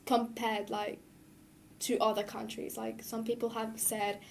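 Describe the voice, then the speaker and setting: A young woman from Spain with a Spanish accent, whose first language is Spanish, co-hosting a podcast in animated, laugh-filled chat. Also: a little high, measured pace, gravelly. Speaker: podcast co-host. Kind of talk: casual chat.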